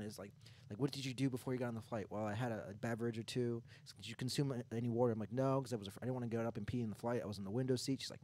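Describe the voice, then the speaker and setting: A man's voice: on the low side, racing, darkish tone. A man co-hosting a podcast, telling a story in casual chat and padding it with lots of "like" fillers. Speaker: podcast co-host.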